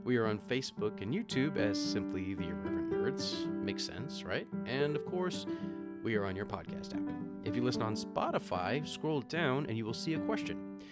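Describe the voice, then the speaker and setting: Middle-aged male podcast co-host, low voice, easygoing and self-deprecating, loose rambling delivery. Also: expressive, normal speed, over loud music. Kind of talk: casual podcast chat.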